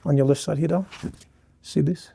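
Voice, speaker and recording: An Australian man leads a photography lesson while shooting, his voice sitting slightly high with a soft, mellow tone. He heaps praise on his model between shots. He breaks down settings and choices step by step for the viewers. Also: fairly even intonation, normal speed, gravelly, slightly rough. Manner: effusive, showering the model with praise. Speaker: photographer teaching a lighting lesson. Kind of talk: live instruction while shooting a portrait session.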